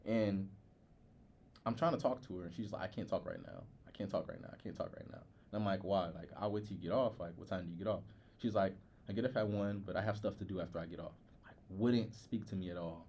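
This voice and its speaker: A young man with a lowish voice talks candidly on a podcast. He tells his own story casually, halting now and then and leaning on filler words, with a faint hiss of noise behind him. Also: a little mellow. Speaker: podcast co-host.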